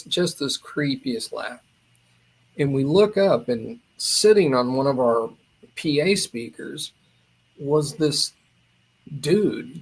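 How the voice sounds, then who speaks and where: A man's voice: mid-range voice, creaky, husky. A man in his fifties from Indiana, a drummer telling a story as a podcast guest, rambling with many fillers and restarts. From Indiana, USA. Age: 50s. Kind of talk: casual storytelling.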